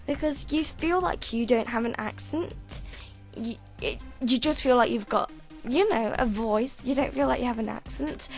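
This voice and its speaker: A woman's voice: fairly high pitch, moderate pace, creaky, soft background music. A British woman chatting casually at her home computer during a game-building video, rambling and stumbling over her words with frequent giggles. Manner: rambling, self-interrupting, giggly. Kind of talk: casual gameplay commentary.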